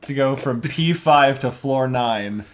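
A man's voice: medium pitch, takes it slowly. A man in his twenties, chatting casually on a podcast, rambling and laughing often as he tells stories. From Canada. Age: 20s. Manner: laughing, swearing, rambling storyteller. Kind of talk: casual chat.

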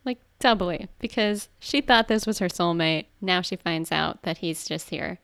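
A woman's voice: fairly low pitch, moderate pace, creaky, no room sound. A woman co-hosting a podcast, casually recapping an episode with lots of laughter and acted-out quotes. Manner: giggly, animated retelling with acted-out quotes. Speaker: podcast co-host.

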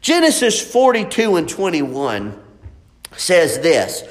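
A man's voice: high-pitched, expressive, unhurried, fairly bright tone. A man preaching a sermon in a folksy, emphatic way, repeating his points.

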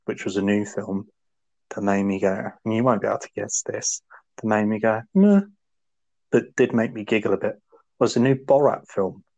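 A man co-hosting a podcast, rambling casually and acting out quotes in sudden high voices. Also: little pitch movement, normal speed, creaky, a little mellow, highs cut off. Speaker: podcast co-host. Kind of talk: casual chat.

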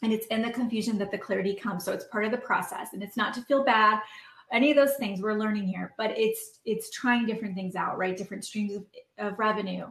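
A woman's voice: mid-range voice, steady tone, a little fast, a bit bright. A woman in her thirties giving a heartfelt motivational talk as a podcast host and coach, earnest and emotional, with many fillers. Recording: roomy echo.

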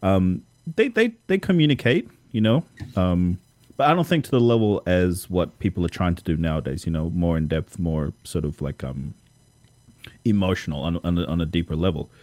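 A man's voice: sits low, lively intonation, normal speed, darkish tone, no room sound. A young adult man hosting a podcast, talking in a thoughtful, hesitant way and often repeating words. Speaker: podcast host. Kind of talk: casual conversation.

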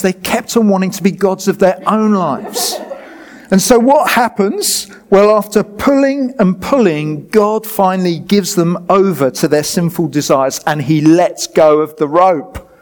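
A man preaching to a live congregation, lively and joking with the crowd as he directs a demonstration. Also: high voice.

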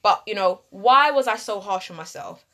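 Animated woman telling a story. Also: mid-range voice, normal speed. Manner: animated storytelling, acting out her inner voice and others' remarks. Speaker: podcast guest sharing a personal story. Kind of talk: casual podcast chat.

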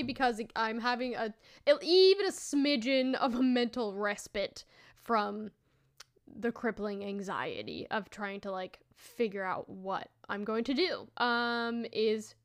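A woman's voice: a little high, fairly bright tone, clean tone. Chatty woman podcast host, laughing as she rambles. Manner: chatty and rambling, laughing often, restarting thoughts. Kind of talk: solo casual podcast chat.

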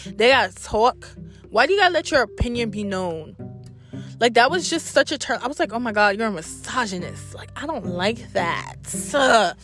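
A woman's voice: on the high side, sing-song, moderate pace, a bit bright, faint music behind. A young adult woman telling a story to her camera in a blunt, profane, exasperated storytime rant. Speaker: vlogger.

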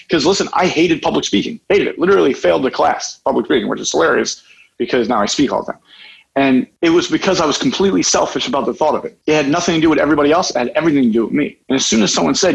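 A man, a life coach, talking in a casual podcast chat, telling a lively story and often checking in with "right?". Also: mid-range voice, creaky. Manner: energetic, fast storyteller saying "right?" often. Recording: slightly dull, lo-fi podcast audio.

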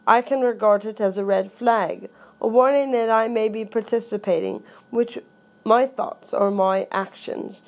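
A woman's voice: medium pitch, darkish tone. A woman in a casual vlog, chatting and reading aloud from a daily recovery book, rambling with frequent self-corrections.

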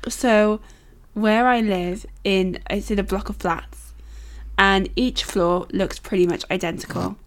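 A woman with a mid-range voice co-hosting a faith podcast. She tells a story in a relaxed, chatty way, leaning on "like" and "kind of" as she goes. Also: medium pitch, unhurried. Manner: casual storytelling, lots of "like" and "kind of". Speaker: podcast co-host.

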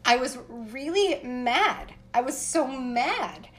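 A woman from Pennsylvania co-hosting a podcast, telling a story in a casual, animated way with lots of "like" fillers and voices for the people in it. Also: high voice, slow. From Appalachian Pennsylvania. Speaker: podcast co-host.

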